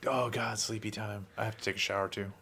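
A man's voice: lowish voice, steady tone, quick pace, gravelly, noisy background. A tired man co-hosting a let's play, joking around and swearing casually. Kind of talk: casual gameplay chat.

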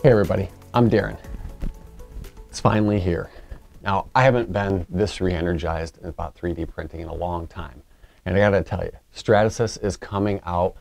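A man's voice: sits low, moderate pace, gravelly, a little mellow, faint music behind. A middle-aged man, an engineer, chatting enthusiastically as he unboxes a 3D printer and explains each step. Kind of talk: casual unboxing vlog.

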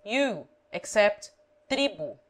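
Slow, careful woman reading a lesson. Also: medium pitch, very animated, fairly bright tone, low-quality recording. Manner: careful, deliberate reading with example words spelled out. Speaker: language teacher. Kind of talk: slow read-aloud grammar lesson.

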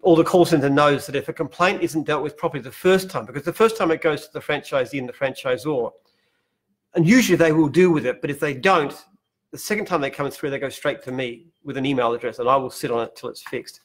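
An older Australian man, a company founder, chatting casually on a live stream from his open-plan head office, animated and often restarting his sentences with a chuckle. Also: a little high, fast. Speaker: company founder answering viewer questions.

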